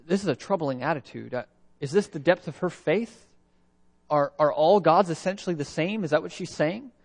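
A Canadian man delivers a sermon, slightly high-pitched for a man. He reads scripture aloud, then pauses to ask reflective, searching questions. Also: gravelly. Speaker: pastor.

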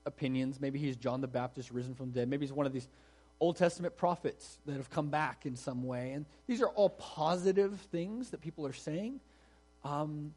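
A man's voice: fairly high pitch, a little mellow, slightly rough. A man preaching a sermon in an explanatory, conversational way, stressing key words. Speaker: pastor.

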